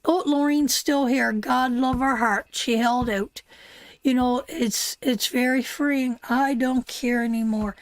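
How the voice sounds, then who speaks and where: A woman's voice: sits high, no room sound. An older woman from Newfoundland with a Newfoundland accent, hosting a live tarot stream in casual, affectionate talk and calling viewers darling and sweetheart. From Newfoundland, Canada.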